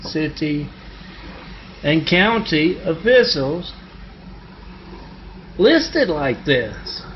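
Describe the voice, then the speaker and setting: A man voicing a puzzled man marveling at something found on a computer, asking in a drawn-out way on a dull phone recording. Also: on the high side, big pitch swings, slight background noise, full character voice.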